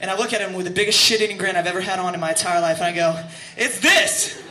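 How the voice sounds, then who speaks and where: A frontman with a high-pitched, fairly even voice rattles off a self-deprecating, meandering story between songs at a concert, laughing along the way. His rapid-fire delivery comes through a stage vocal mic over crowd noise in the echoey live venue.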